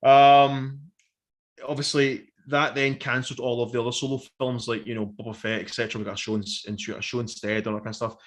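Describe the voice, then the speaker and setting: A man, co-hosting a casual review chat, animated and sweary, acting out quotes. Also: medium pitch, fairly quick. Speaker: podcast co-host.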